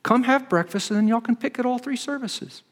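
Man, pastor, high voice, earnest conversational storytelling sermon. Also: fairly quick, slight background noise.

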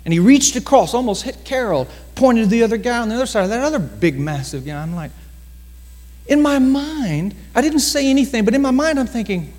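High, lively-voiced preacher telling a story. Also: male voice, long reverb tail. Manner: dramatic storytelling with slowed emphasis and acted quotes. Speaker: pastor. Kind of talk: sermon storytelling.

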